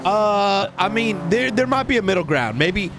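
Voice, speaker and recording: A man's voice: sits high, animated, normal speed, over music. A man playing a police officer in role-play, reasoning things out and asking questions. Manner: questioning, reasoning, laughs easily. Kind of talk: in-character role-play chat. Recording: clear background noise.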